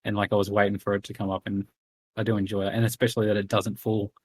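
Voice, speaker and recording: A man's voice: lowish voice, flat delivery, fast talker, slightly rough. A man co-hosting a casual film podcast, talking hesitantly and often trailing off with "I don't know". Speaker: podcast co-host.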